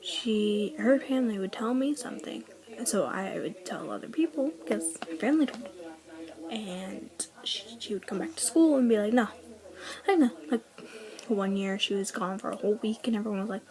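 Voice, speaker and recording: A woman's voice: on the high side, lively intonation, normal speed, a crowd in the background, rough recording. Chatty 18-year-old woman, full of "like". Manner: chatty, lots of "like", drops to whispers for quoted lines. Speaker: vlogger. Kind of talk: casual storytelling.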